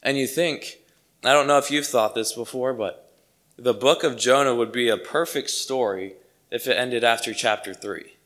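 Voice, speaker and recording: A man's voice: medium pitch, moderate pace, fairly bright tone. A man preaching a sermon to his congregation, earnest and emphatic, repeating key phrases for weight.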